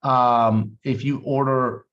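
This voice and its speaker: A man's voice: mid-range voice, steady tone, slow, a bit bright, muffled recording. A man giving a fired-up, emphatic motivational sales talk to his team. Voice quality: fired up, emphatic, intense delivery. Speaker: team leader.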